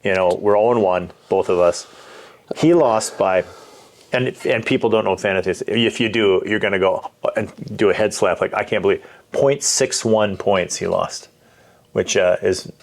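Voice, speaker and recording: Pastor co-host, lowish voice, loose anecdotal rambler who restarts often. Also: male voice, normal speed, gravelly. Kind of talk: casual chat.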